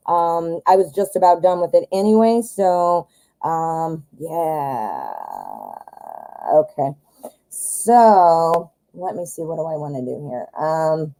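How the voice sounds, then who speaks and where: Hoarse-voiced American woman, chatty. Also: on the low side, slow pace, mellow, rough recording. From United States. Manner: chatty, talks directly to viewers. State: voice going hoarse. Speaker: tarot reader host. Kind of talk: live-stream tarot reading.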